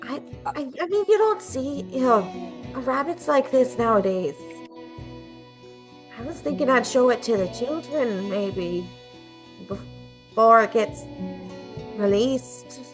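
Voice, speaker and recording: Woman as a fretful, gentle half-orc servant in a fantasy game, slightly raised voice. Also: on the high side, expressive, slow, long pauses, music in the background, pitched above the performer's own voice. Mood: gentle, protective. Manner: gentle, hesitant and protective. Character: kindly worried female half-orc servant.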